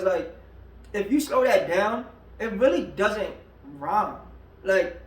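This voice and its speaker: Man, rapper, high voice, slangy laid-back talk, echoey room, a bit off-mic. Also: distant mic, slight background noise. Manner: slangy, laid-back, heavy on filler words. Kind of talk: casual breakdown of his own lyrics.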